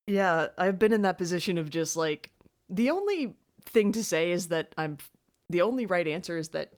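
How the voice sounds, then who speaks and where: A young woman co-hosting a podcast, chatting casually and reflectively about an episode, with lots of "like" and quick quoted asides. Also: on the low side, very animated. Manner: reflective, many likes, bursts of quoting. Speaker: podcast co-host. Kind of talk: casual recap chat.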